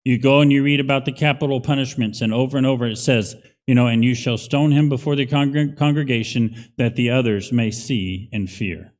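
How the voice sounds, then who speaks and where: A man's voice: medium pitch, a little fast, darkish tone. A male pastor preaching a conversational, emphatic sermon in a church. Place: church sanctuary. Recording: long hall reverb.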